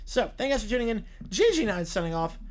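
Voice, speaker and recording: A man's voice: high voice, big pitch swings, fast, a little hiss or hum. A man hosting a sports livestream, chatting offhandedly as he wraps up the show. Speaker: livestream host. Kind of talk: casual livestream sign-off.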